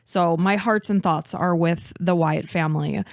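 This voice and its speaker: A woman's voice: on the low side, fairly even intonation, unhurried, creaky, no echo, studio quality. A woman in her thirties hosting a podcast, emotional and teary as she chats and narrates a case. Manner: emotional, talks openly about crying. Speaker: podcast host. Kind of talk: casual chat and case narration.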